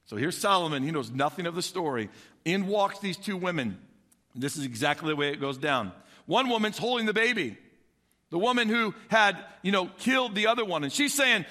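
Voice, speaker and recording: Animated male preacher, high bright voice, casual storytelling sermon. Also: fairly quick, big-room sound. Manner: animated, conversational, swings loud and soft.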